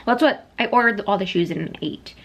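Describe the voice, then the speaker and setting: Chatty young mom vlogging at home. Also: female voice, medium pitch, fast talker. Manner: chatty, rambling with many fillers. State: pregnant, out of breath. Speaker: vlogger and mother. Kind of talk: casual home vlog.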